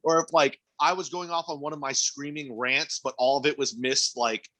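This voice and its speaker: A young man co-hosting a podcast, joking around and swearing in animated casual banter. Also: on the high side, moderate pace. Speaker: podcast co-host.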